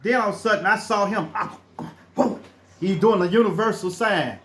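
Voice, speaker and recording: A man's voice: high-pitched, normal speed, a bit bright. A middle-aged man telling true stories in a casual, rambling way, restarting his sentences and acting out the people in them. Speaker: storyteller. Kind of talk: casual spoken storytelling.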